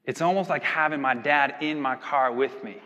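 A man's voice: mid-range voice, moderate pace, sharp tone, highs cut off. A young man giving a sermon in a casual, conversational way, often checking in with "right?" and acting out little scenes with voices. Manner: conversational, tag questions, acts out little scenes. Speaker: pastor. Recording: reverberant hall.

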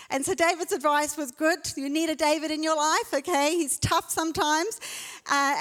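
High-voiced woman preaching in a hall. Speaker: pastor. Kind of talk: sermon. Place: church auditorium. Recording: long church hall reverb.

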